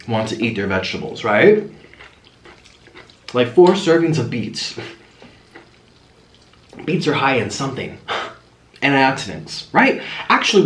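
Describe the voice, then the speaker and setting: A young man chatting casually while eating, in a food vlog, excitable and chatty between slurps. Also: medium pitch. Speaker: food vlogger. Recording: echoey room with faint hiss.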